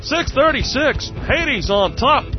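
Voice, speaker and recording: Man, high voice, excitable jokey game play-by-play, muffled lo-fi recording with game music behind. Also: slow. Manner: excitable, jokey, laughs often. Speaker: game commentator. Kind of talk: sportscaster-style play-by-play of a video game.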